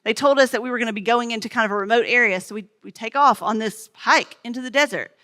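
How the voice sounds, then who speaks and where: Bright-voiced woman preaching. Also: fairly high pitch, fast talker. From Smoky Mountains, USA. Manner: storytelling, conversational, talks with children. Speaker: pastor. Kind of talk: sermon.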